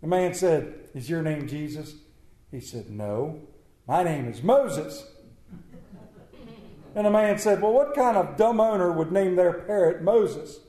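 A man preaching a sermon in an earnest manner, repeating key words and often dropping to a hushed tone. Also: high-pitched, expressive, moderate pace, reverberant, low-quality recording.

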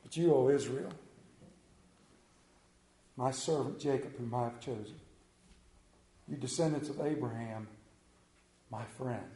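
A man preaching a sermon in a church, pausing for effect and dropping to a hushed voice on key words. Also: medium pitch. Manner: dramatic pauses, drops to a hushed voice on key words. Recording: echoey room.

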